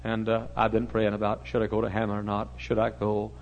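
Low-voiced preacher guy telling a story in church, animated, gets loud out of nowhere, muffled lo-fi tape. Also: brisk. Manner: animated storytelling, suddenly loud when acting out shouted commands. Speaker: pastor. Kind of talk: storytelling sermon.

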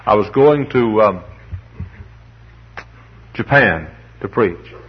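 Animated but slow, a man with a low, breathy-edged voice preaches as a pastor, telling folksy stories with humor and repeated words. He rises into emphatic preaching, and the recording is muffled.

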